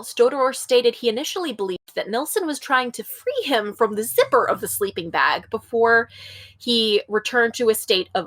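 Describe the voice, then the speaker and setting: A woman's voice: medium pitch, a bit bright. A woman co-hosting a podcast, reading a true-crime case from her notes in a casual way, tripping over place names and adding blunt comments. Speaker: podcast co-host.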